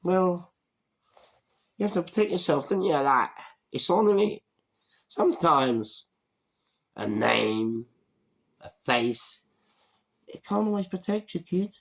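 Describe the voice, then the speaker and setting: A man in his sixties with a London accent, telling a street story in a slangy, animated way. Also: a little high, slow, pauses often. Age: 60s. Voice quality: gravelly. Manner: animated, slangy, acts out voices. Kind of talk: storytelling monologue.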